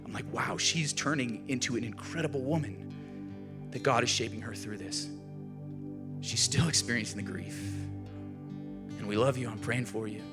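A middle-aged man, a pastor, preaching a sermon in an animated storytelling way, rising to loud emphasis and dropping to quiet. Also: mid-range voice, moderate pace, long pauses, loud music behind the voice.

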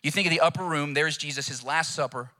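A male pastor delivering a sermon, telling stories in an animated, emphatic way. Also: on the high side, fast.

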